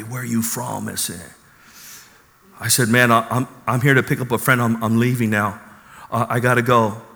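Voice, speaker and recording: In an echoey church hall, a man with a mid-range, sharp-toned voice preaches a fervent sermon, sharing his testimony and calling out hallelujah.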